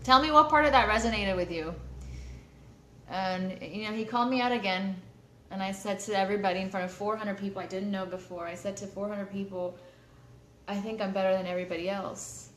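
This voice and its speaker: A live stream host with a mid-range, fairly bright voice talks fairly quickly and with fairly even intonation, speaking candidly to viewers amid many fillers and restarts. An echoey room, faint ambience, and slight background noise come through.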